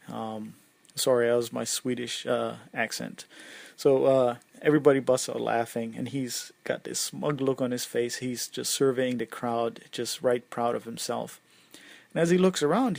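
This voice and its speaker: A man narrating a tabletop game as game master, halting and full of ums and uhs. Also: medium pitch, gravelly, darkish tone, no room sound.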